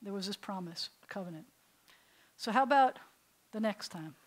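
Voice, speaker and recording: A woman rabbi teaching a class, telling the story in an animated, conversational way. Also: medium pitch, normal speed. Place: synagogue classroom.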